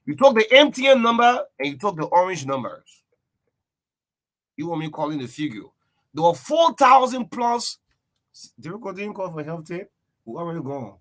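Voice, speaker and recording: A radio breakfast show host with a slightly high, sing-song voice and a fairly bright tone talks at normal speed. He discusses politics casually and loosely, throwing in lots of "yeah" and "man".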